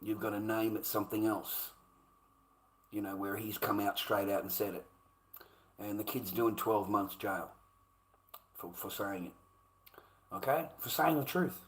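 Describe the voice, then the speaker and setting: A man's voice: lowish voice, measured pace, long pauses. A man delivering a heated, profane, repetitive rant in a monologue. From Australia. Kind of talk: ranting monologue.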